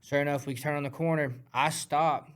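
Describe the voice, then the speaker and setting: A man guest on a talk podcast, telling a story in an animated, profane way, acting out punches with sound words. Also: on the high side, normal speed, smooth. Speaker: guest fighter.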